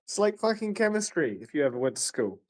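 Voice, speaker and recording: Playful voice-chat friend, joking and profane, with a swinging, animated pitch. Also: quick pace. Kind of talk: casual gaming chat.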